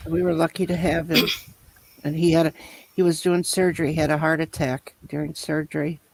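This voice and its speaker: A man telling a long personal story in casual chat, rambling and halting as he loops back over his points. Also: on the high side, little pitch movement, gravelly, dry recording, rough recording. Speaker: storyteller in a conversation.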